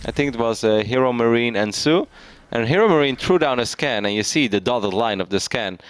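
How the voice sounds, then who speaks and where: A man's voice: medium pitch, expressive, fairly quick, smooth. A man casting a live esports match, chatty and laughing often as he tells anecdotes. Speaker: esports caster.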